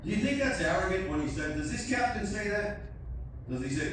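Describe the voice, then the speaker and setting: A man performing stand-up comedy on a cruise ship stage, brash and crude, riffing quickly with the crowd. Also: high voice, animated, slight background noise. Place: large cruise ship theater. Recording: echoey theater heard from far off.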